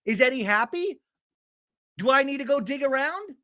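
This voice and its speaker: Give me a man doing an angry middle-aged woman firing accusing questions in a high voice. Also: animated, moderate pace, bright, forceful tone, exaggerated voice. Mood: furious. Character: furious confrontational middle-aged woman reality star.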